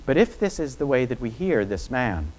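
A man preaching a sermon as pastor. He asks his listeners a string of rhetorical questions and drops low and quiet on key phrases. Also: very animated, moderate pace.

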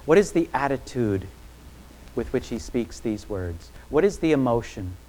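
A man preaching a sermon as pastor. He asks his listeners a string of rhetorical questions and drops low and quiet on key phrases. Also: sing-song, measured pace.

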